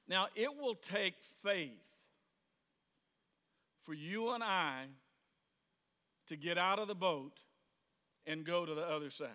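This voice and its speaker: A male pastor gives a sermon in a church sanctuary, talking to his congregation in a loose, conversational way. His voice is bright and a little high, and he slips into the voices of the people in his stories. A long reverb from the hall trails behind his words. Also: animated, slow, long pauses. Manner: conversational, plays out quoted voices, rises to sudden shouts.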